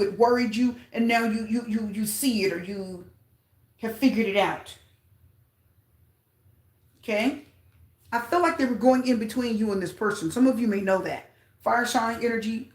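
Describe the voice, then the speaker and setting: A woman's voice: a little high, a little mellow. A woman doing a casual tarot reading for her viewers, chatty and repetitive, often asking them questions. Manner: chatty, repeats herself, asks viewers questions. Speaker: tarot reader. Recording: roomy echo.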